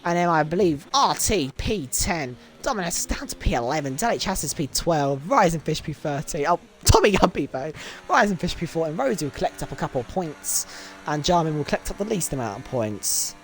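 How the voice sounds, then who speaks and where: A woman hosting and commentating a sim racing event, laughing often and straining her voice from shouting. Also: brisk. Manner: excitable, laughs often, voice leaps high and loud in exciting moments. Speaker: race commentator and host.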